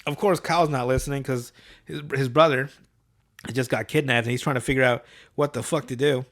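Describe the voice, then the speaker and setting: A man co-hosting a podcast, recapping a cartoon episode in animated, profane casual chat. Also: mid-range voice, brisk. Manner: animated, profane, laughing storyteller. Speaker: podcast co-host.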